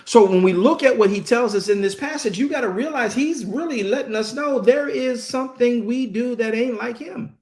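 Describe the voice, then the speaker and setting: A man's voice: very high voice, normal speed, hardly any pauses, darkish tone. A man preaching a sermon with passion and emphasis, talking to his congregation in a casual way and repeating words when he gets worked up. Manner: talks straight to the congregation in casual speech.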